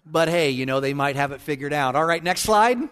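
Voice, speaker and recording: A man's voice: fairly high pitch, animated, a bit bright, smooth. A male pastor preaching a sermon, reading scripture, praying and telling jokes in a folksy way. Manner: folksy and joking, with a solemn, slowed prayer voice. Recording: long church reverb.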